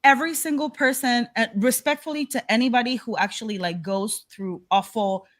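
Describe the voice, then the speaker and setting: A woman from Panama, co-hosting a podcast, telling stories in a blunt, animated way and swearing freely. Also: fairly high pitch, fairly quick. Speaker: podcast co-host. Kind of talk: casual chat. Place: indoor podcast studio.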